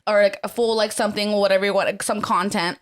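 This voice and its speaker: A woman's voice: mid-range voice, fairly even intonation, fast. Blunt, profane young woman podcaster. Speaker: podcast co-host. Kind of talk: casual chat.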